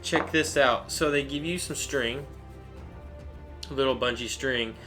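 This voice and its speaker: A man hosts an unboxing video with a bright, forward tone, rambling happily from one thought to the next. He gushes over everything in an excited, informal way, and faint music plays softly underneath. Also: mid-range voice. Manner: enthusiastic, rambling, gushing. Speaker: unboxing channel host.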